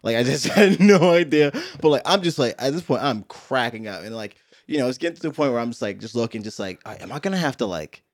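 Man, casual podcast chat, lively up-and-down voice, laughs a lot, dry close sound. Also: medium pitch, a little fast, dry recording. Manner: animated storytelling, laughs often, mimics noises. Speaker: podcast co-host.

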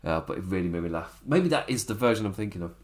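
A man's voice: low voice, fast. Guy hosting a wrestling show, talks to camera, laughs a lot, voice jumps all over. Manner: rambling, laughs often, animated. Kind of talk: casual commentary to camera.

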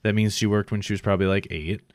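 A low-pitched man in his thirties reads trivia aloud on a casual podcast, tripping over unfamiliar names and cursing with a laugh. The sound is dry and close, with no room around him. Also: fairly even intonation, quick pace, no echo. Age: 30s. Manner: stumbles over foreign names, profane, laughs easily. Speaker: podcast co-host. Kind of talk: casual podcast chat reading facts aloud.

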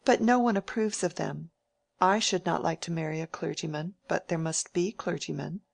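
A woman's voice: fairly low pitch, steady tone, normal speed, vocal fry. A prim, genteel young lady, as a woman reader voices her. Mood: prim, plaintive. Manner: mild and genteel, plaintive when pressed. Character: prim, mild, self-righteous young woman. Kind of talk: audiobook character reading.

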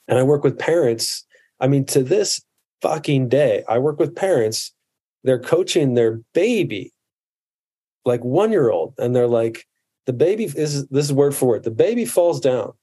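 A man's voice: mid-range voice, animated, unhurried, mellow, husky. A man in his forties talking earnestly as a coach in a casual podcast conversation, often stopping and restarting his sentences. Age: 40s.

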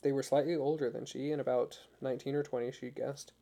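Gravelly, dark-voiced male narrator. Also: mid-range voice, level tone, fast. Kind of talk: audiobook narration.

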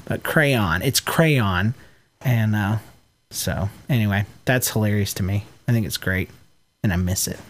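A man co-hosting a podcast with his wife, teasing her in casual chat. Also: on the low side. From Georgia, US. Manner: playful, teasing, quick to laugh. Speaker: podcast co-host.

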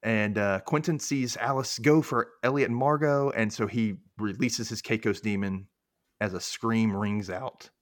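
A man's voice: on the low side, steady tone, a little slow, no echo, clean studio sound. A young man hosting a podcast, casually recapping a TV episode and acting out characters' lines in exaggerated voices. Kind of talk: casual chat.

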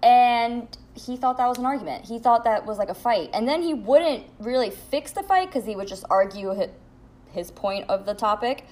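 A young woman with a voice pitched a little higher than most women's vents into her podcast mic at home. She tells the story in a casual, candid way, blunt and quick to swear. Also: lively intonation, darkish tone. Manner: blunt, profane, candid venting. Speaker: podcast host.

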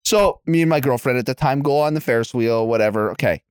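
A man's voice: mid-range voice, fast talker, clean tone, no room sound. Profane, laughing podcast guy, dry sound. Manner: profane, laughing, animated storyteller. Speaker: podcast co-host. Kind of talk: casual chat, storytelling.

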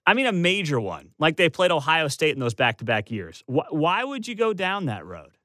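A man's voice: on the high side, very animated, moderate pace, bright, forceful tone, no echo, clean studio sound. A man giving opinionated college football commentary as a sports talk host, emphatic and sarcastic, piling up rhetorical questions.

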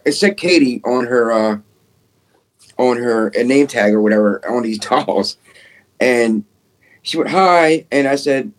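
A man in the middle of a pitch range tells his paranormal encounters with excitable, casual energy. He peppers every sentence with "dude" and "man" and lets a few curses slip as he rushes through the story. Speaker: podcast guest, paranormal investigator.

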